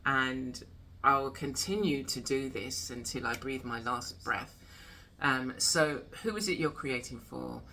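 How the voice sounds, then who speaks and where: Deep-voiced chatty woman host. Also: unhurried, pushed and bright, a little hiss or hum. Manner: reflective, chatty, laughs often. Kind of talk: casual chat.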